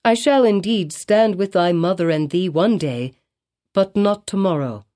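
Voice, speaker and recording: A woman's voice: fairly low pitch, unhurried, dark tone, lightly acted. A woman reading an audiobook, voicing a guilt-ridden male colonial minister who speaks in solemn, archaic formal speech. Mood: grave, tender.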